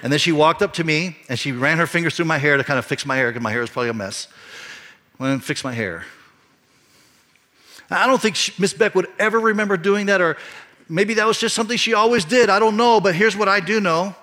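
A man's voice: high-pitched, animated, a little fast, sharp tone. A middle-aged man, a pastor, telling a personal story in a sermon, earnest and rising to emphatic peaks. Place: church.

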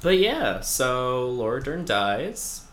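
Bright, rambling man in an echoey room. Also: medium pitch, very animated, slow. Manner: rambling, filler-heavy storytelling with wry asides. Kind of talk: casual chat recapping a TV episode.

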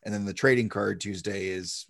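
A man's voice: on the low side, fairly even intonation, moderate pace, gravelly, fairly bright tone, no echo, clean studio sound. A man hosting a podcast in casual, upbeat chat, laughing often. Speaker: podcast host.

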